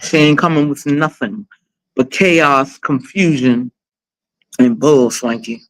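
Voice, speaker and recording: A woman's voice: rumbling low, takes it slowly, rough recording. A woman in her forties hosting a livestream, chatting casually with blunt, profane, dramatic storytelling. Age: 40s. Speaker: livestream host.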